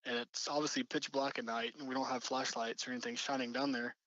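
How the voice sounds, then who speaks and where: A man's voice: mid-range voice, flat delivery, quick pace, sharp tone, dry recording, dull audio. A young man telling a story casually, rambling with lots of fillers and restarts. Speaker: storyteller recounting an encounter.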